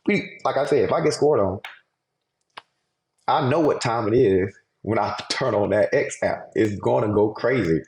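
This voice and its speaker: Deep-voiced, laid-back man in a roomy sound. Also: normal speed. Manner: laid-back, rambling, drops into a softer apologetic tone. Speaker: pro football player. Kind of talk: casual podcast talk.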